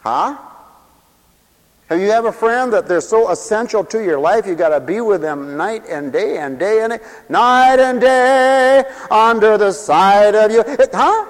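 A man's voice: high voice, lively intonation, unhurried. A man preaching a humorous sermon in a theatrical way, laughing at his own jokes, in a hall with long reverb.

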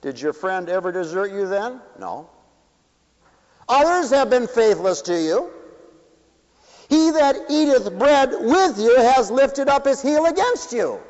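Guy preaching, big swings loud to quiet, fast asides, muffled roomy church sound. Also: very high-pitched, very animated. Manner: rapid asides to the audience. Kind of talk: sermon. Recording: dull echoey hall recording.

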